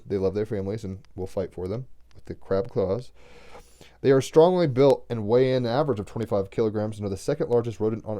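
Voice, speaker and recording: A man's voice: on the low side, mellow. A man giving a casual daily card reading, reading aloud from a text and breaking in with chatty astrology asides. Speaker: oracle card reader.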